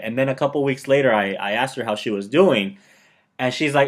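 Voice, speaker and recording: A man's voice: medium pitch, expressive, a little fast. Chatty man giving motivational advice. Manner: conversational, keeps checking in with "okay?"; chatty storyteller who quotes himself and others. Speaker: motivational video host. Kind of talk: casual motivational talk with personal stories.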